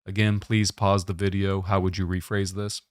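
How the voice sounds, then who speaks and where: A man giving a test-prep lesson, explaining question types in a steady, methodical way. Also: sits low, moderate pace, clean tone, dry recording, clean studio sound.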